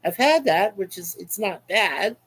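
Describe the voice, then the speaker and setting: A man's voice: high voice, animated, a little slow, creaky, fairly bright tone, slightly rough, low-quality recording. A man hosting a casual webcam livestream, reading out chat comments in a rambling, chuckling, repetitive way. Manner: rambling, chuckling, repeats himself.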